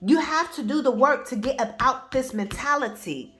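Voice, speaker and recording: A woman's voice: sits high, lively intonation, normal speed, a bit bright. A woman speaking as a spiritual life coach, giving a casual motivational talk in a blunt, emphatic way, addressing the listener directly.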